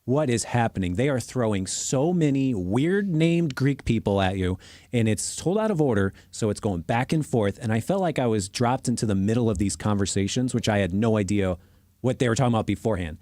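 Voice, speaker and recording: A man co-hosting a podcast, chatting casually about movies in an animated, joking, self-mocking way. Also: fairly low pitch, fairly quick, dry recording. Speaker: podcast co-host. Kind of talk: casual movie review chat.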